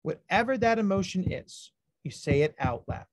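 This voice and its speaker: A man, a clinical psychologist, giving a high-energy livestreamed talk to parents, explaining ideas plainly and acting out lively stories to make his points. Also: normal speed, gravelly. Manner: high-energy, animated storytelling.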